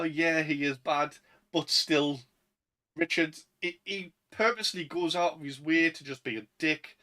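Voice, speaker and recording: Chatty Northern English young man, bright. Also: fairly high pitch, poor audio. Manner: rambling, lots of "um" and "like". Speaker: podcast co-host. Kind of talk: casual chat.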